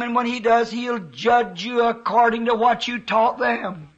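A man's voice: very high-pitched, fairly even intonation, measured pace, muffled recording. A man preaching a sermon, telling a vision with emotional, fervent quoted dialogue.

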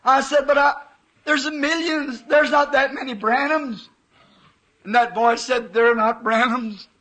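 A man's voice: very high-pitched, steady tone, a little slow, sharp tone, poor audio. A man preaching a sermon, telling a vision with emotional, fervent quoted dialogue.

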